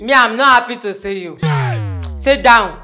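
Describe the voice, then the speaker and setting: A woman's voice: a little high, normal speed, soft background music. A woman playing a strict, scornful schoolteacher in a comedy sketch, scolding with a Nigerian accent. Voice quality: scolding, sharp and mocking.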